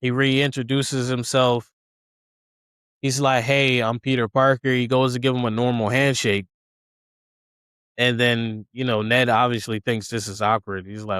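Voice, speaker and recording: A man recaps a movie plot on a podcast in a relaxed, casual way. His voice is smooth and clear, recorded close and dry, and he animatedly acts out what the characters say as he goes. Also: mid-range voice, no echo. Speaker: podcast co-host.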